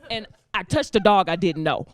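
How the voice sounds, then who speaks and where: A woman performing a stand-up comedy set, telling lively stories and acting out characters in put-on voices. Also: mid-range voice, normal speed, background noise. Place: comedy stage before a laughing audience.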